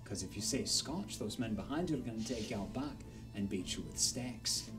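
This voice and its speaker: A man voicing a stern, gruff Scottish pub bartender who talks low and hushed, with menace. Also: lively intonation, moderate pace, distant mic, music in the background, natural voice. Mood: stern lecturing.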